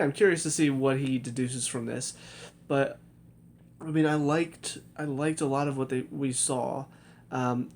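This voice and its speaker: Young male reviewer, casual and halting, mid-range voice, faint rumble behind. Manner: hesitant, many fillers and restarts. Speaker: TV review vlogger.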